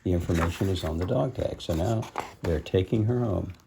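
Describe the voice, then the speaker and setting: A man's voice: sits low, a little fast, creaky, noisy background. A man reading a picture book aloud, stopping to explain the story in simple words. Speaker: storybook reader.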